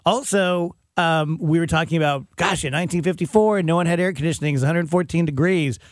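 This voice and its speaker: Jokey male host with a higher voice. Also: a little fast, no room sound, studio quality. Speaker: radio host. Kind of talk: casual talk radio chat.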